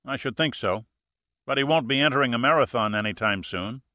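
A man's voice: medium pitch, a little fast, sharp tone, no echo, studio quality, natural voice. A man voicing a cheerful, cocky male sidekick who talks loftily and a bit boastfully. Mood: lofty. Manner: lofty, cheerful, a touch boastful.

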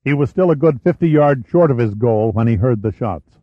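A man's voice: medium pitch, animated, moderate pace, dry recording. Man narrating a thriller, dry dull sound. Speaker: audiobook narrator. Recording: dry, slightly muffled studio recording.

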